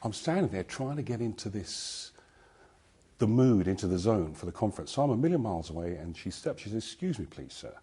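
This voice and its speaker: A man tells a personal story from the stage in a low, warm, slightly husky voice. His delivery swings widely in pitch as he builds the tale. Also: fairly quick. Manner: lively storyteller. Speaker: conference speaker. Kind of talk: personal anecdote in a talk.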